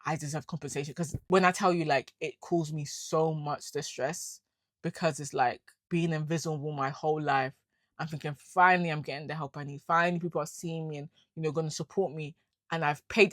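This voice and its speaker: A young British vlogger tells a candid personal story to camera, her fairly low voice captured on a close, dry mic. Her speech is casual and slang-heavy, veering from quiet, weary asides to loud, indignant rants.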